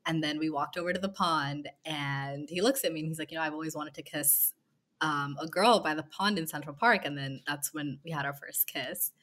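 A woman in her twenties with a low, grounded voice tells a dating story in a relaxed, chatty way. She fills it with "like" and "um" and acts out little bits of dialogue. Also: moderate pace. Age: 20s. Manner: chatty, many fillers and quoted dialogue. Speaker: guest telling a dating story. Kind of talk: casual storytelling.

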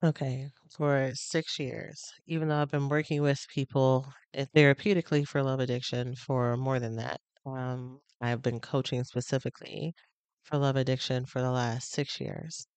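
A woman hosting her own podcast as a love addiction coach, talking casually and with emotion, with pauses as she gathers herself. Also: rumbling low, level tone, darkish tone, clear, resonant tone, no echo. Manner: emotional, pausing, heartfelt. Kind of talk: casual personal podcast talk. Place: on location on a trip.

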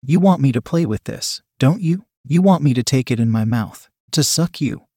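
A man's voice: mid-range voice, lively intonation, normal speed, darkish tone, breathy edge, no room sound, clean studio sound. A man voicing a commanding dominant woman lover who teases and speaks sternly in an audio story. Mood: teasing. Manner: teasing, stern.

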